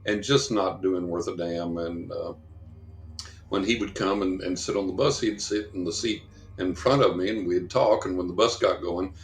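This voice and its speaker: This guest, a psychic investigator, tells meandering stories on a podcast and acts out the people in them. He speaks at a normal speed in a low, steady voice, with reverb and faint music in the background.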